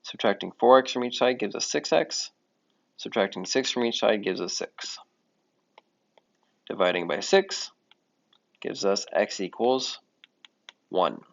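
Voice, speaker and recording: Gravelly male math teacher, lo-fi. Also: lowish voice, measured pace, long pauses. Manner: casual explaining, with fillers and self-corrections. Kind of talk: recorded classroom lesson. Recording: dull lo-fi audio.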